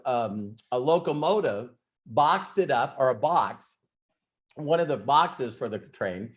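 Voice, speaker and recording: A man hosts an ask-me-anything session in a relaxed, storytelling manner. He rambles, restarts his sentences and throws in asides as he goes. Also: medium pitch, unhurried. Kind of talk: casual storytelling and advice.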